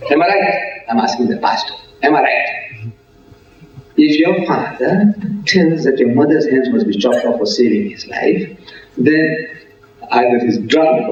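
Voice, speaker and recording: Man lecturing in an echoey hall. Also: medium pitch. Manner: animated storytelling, acting out dialogue, rhetorical questions to the audience. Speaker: religious lecturer. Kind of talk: public lecture. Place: civic centre hall. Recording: echoey hall from far off, dull lo-fi sound.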